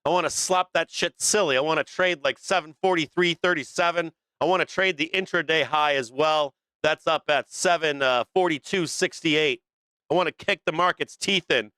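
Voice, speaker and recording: A brash man calls live market trades, swearing freely and laughing between calls. His voice is bright and forceful, pitched a little high, with a smooth, crisp tone. The sound is dry and close, with no room around it. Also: moderate pace, few pauses, no echo. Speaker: stock market livestream host. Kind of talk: profane live trading commentary.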